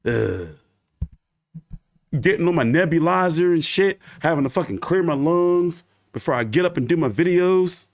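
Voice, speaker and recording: Guy ranting live about boxing, kinda high voice, swings all over, swears a lot. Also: animated, normal speed. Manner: profane, emphatic ranting with repetition. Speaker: boxing YouTube host. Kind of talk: live boxing commentary rant.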